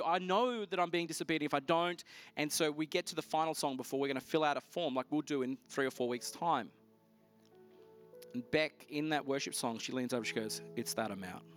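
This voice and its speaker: A man preaching a sermon, telling a personal story in a lively, storytelling way, his voice rising sharply at the exciting moments. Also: a little high. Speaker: pastor.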